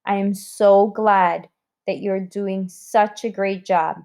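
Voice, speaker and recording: Woman teacher doing a spelling lesson for kids, slow and careful, spells each letter out. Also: medium pitch, steady tone, dark tone. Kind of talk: recorded spelling lesson for children.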